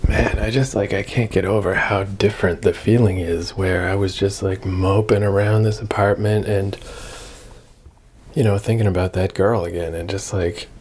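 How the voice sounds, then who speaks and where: Low, husky man rambling to himself. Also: fairly even intonation, moderate pace, a little mellow. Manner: rambling, self-reflective, swears often. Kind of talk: casual personal vlog monologue.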